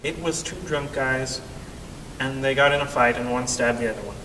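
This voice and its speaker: A young man telling a story in an animated way, acting out the voices of the people in it. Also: moderate pace. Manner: animated, acts out quoted voices. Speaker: vlogger. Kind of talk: storytelling vlog. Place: cave. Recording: echoey cave, distant mic, faint rumble.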